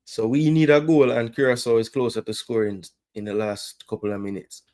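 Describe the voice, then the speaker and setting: A man with a Jamaican accent hosting a fan watch-along, reacting live to the match and yelling instructions at the players. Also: medium pitch, steady tone, fairly quick. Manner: swings between loud cries and muttered groans.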